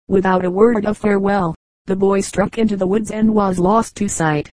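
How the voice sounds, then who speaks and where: A woman reading a novel aloud as an audiobook narrator, calm and measured. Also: medium pitch, no echo, poor audio. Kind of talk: scripted narration.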